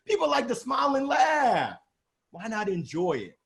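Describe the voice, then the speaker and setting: High, bouncy Southern man. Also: gravelly. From Alabama. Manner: animated, exuberant, quick jokes. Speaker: guest sales coach. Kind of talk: energetic interview talk.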